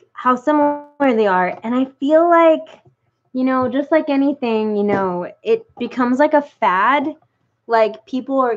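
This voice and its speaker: A woman who collects dolls chats with her viewers in a casual, unscripted vlog, rambling along with lots of "like"s and false starts. Her voice is medium-pitched, and the recording sounds muffled.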